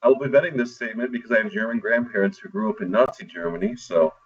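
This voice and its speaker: A man chiming in on a casual podcast with quick, chatty remarks. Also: medium pitch, animated, husky, lo-fi sound.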